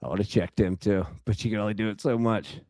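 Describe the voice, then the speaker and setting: A man's voice: lowish voice, steady tone, fast, darkish tone, dry recording, studio quality. A man hosting a live sports betting stream, chatting loosely with viewers and reacting to a baseball game, with lots of fillers and restarts. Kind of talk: casual live-stream chat.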